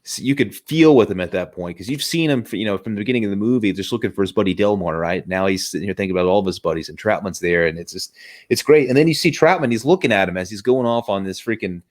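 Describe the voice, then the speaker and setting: Rambling, enthusiastic low-voiced man. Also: lively intonation, fast talker. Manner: enthusiastic and rambling, with many restarts. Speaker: movie review host. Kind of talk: casual chat.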